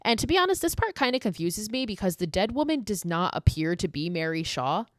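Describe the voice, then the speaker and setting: A woman's voice: medium pitch, very animated, brisk, no echo, studio quality. A woman hosting a podcast, casually recapping a horror film in a profane, sarcastic storytelling manner. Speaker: podcast host.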